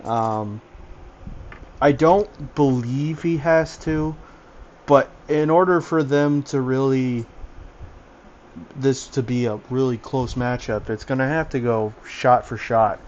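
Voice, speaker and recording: A man's voice: medium pitch, slow, a little mellow, highs cut off, slight background noise. A man giving casual basketball analysis over voice chat, talkative and full of fillers. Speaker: basketball commentator.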